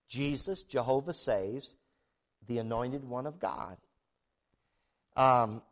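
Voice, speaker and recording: A middle-aged male preacher giving a sermon, emphatic and conversational, asking the listeners rhetorical questions. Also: fairly high pitch.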